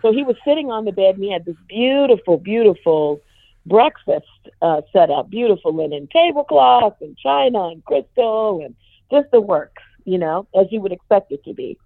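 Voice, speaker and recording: An older woman, a jazz singer, telling a personal story in an animated way and acting out the voices of others. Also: moderate pace, vocal fry, no room sound. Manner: animated, swings pitch to act out quoted voices. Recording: tinny phone-like dry radio sound.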